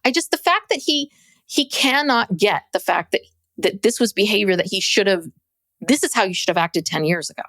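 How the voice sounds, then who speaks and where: A woman's voice: mid-range voice, animated, a little fast, fairly bright tone, dry recording. A woman co-hosting a podcast in casual chat, blunt and swearing, acting out quotes in mocking voices. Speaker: podcast co-host. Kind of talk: casual chat recapping a reality show.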